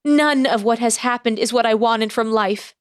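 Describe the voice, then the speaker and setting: A woman doing an indignant young bride, proper and sharp. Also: fairly high pitch, moderate pace, smooth, no room sound, studio quality, voice pushed up, natural voice. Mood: bitter. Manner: proper, sharp, rising to shouting.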